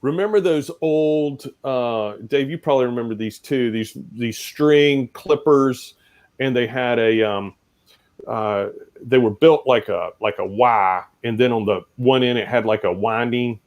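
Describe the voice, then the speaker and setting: Man musing haltingly about guitars. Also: mid-range voice. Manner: hesitant, many fillers and restarts. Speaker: guest musician. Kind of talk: casual storytelling.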